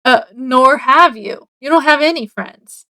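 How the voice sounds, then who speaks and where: A woman reading aloud the lines of a hurt, defensive schoolgirl, haltingly, in her own voice. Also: high voice, bright, forceful tone, exaggerated voice, rough recording. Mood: bitter.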